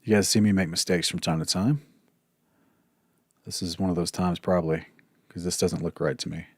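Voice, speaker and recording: A man's voice: deep voice, fairly even intonation, moderate pace, no echo, studio quality. A man teaching a casual Bible study lesson, talking things through conversationally with restarts and asides. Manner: conversational, thinks aloud with restarts and apologies.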